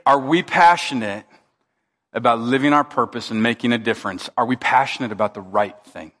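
A man, a pastor, telling a story in a sermon in an animated, self-mocking way, stumbling and restarting often. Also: medium pitch, brisk, in a large hall. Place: church auditorium.

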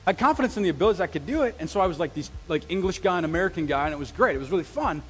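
A man preaching a sermon as pastor, telling stories with lively, self-deprecating humor. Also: high voice, very fast, faint music behind. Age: adult with a wife, past graduate study. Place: church sanctuary. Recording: long reverb of a church hall.

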